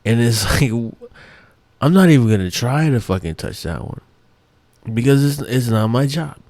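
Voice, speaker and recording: A man hosting his own podcast launches into a casual ranting monologue in a mid-range, slightly mellow voice with lively intonation at normal speed. He's rambling, profane and exasperated, restarting often, with no room sound.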